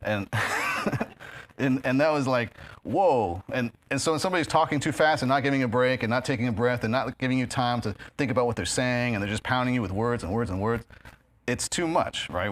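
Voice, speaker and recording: A man's voice: medium pitch, fairly quick. A man from New York with a New York accent, giving a casual talk to a live audience at a meeting hall, chatty and full of fillers. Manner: chatty, many fillers, laughs at own jokes. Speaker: guest speaker. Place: meeting hall of a spiritist center. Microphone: handheld or stand microphone.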